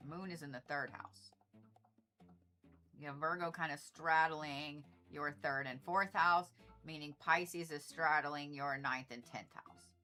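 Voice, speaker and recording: A woman's voice: deep voice, steady tone, measured pace, pushed and bright, soft background music. A middle-aged woman hosting an astrology livestream, talking in a chatty, rambling way with frequent swearing and laughing asides. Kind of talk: casual livestream chat.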